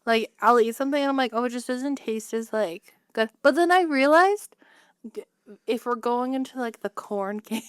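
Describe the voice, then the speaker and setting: Bright-voiced woman, clear and chatty. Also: fairly high pitch, no echo, studio quality. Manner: quick chatty talker, trails off mid-sentence. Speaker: podcast co-host. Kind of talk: casual chat.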